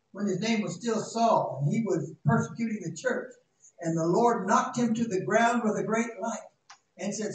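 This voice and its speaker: Male pastor, high-voiced, dramatic and folksy, heard from far in a big echoing sanctuary. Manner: dramatic, shouting at peaks, folksy asides. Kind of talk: sermon. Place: church sanctuary. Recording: echoey church, distant mic, faint noise.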